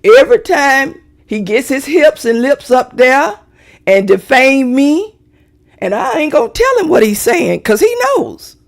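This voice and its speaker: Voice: high voice, sing-song, measured pace, creaky. A middle-aged vlogger ranting to viewers in a brash, profane, theatrical way, straight into a phone or webcam.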